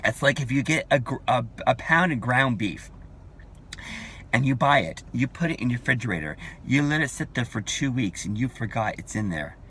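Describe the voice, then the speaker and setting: A man's voice: medium pitch, animated, moderate pace, a bit bright, a little hiss or hum. A man in his forties ranting in a vlog, emphatic and combative, repeating his points. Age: 40s. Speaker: vlogger.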